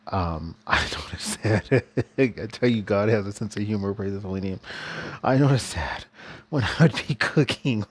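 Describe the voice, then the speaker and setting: A man with a fairly low voice speaks in a loose, rambling way, restarting his sentences. He chuckles often through a casual religious vlog monologue. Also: darkish tone. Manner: chuckles often while talking. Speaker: vlogger.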